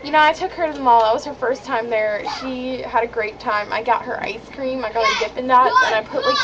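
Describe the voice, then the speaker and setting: A woman's voice: on the high side, big pitch swings, a little fast, crowd noise. A teenage girl telling a story to the camera in a casual vlog, chatty and indignant, with lots of "like" fillers. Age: teens. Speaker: vlogger. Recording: dull lo-fi webcam audio with clear background hiss.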